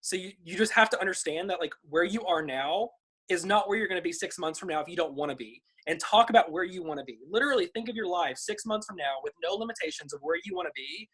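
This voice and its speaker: A woman's voice: lowish voice, fast, a bit bright, husky, poor audio. A young woman chatting on a group video call, sharing tips in a bubbly, chatty way with plenty of fillers. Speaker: team member sharing tips.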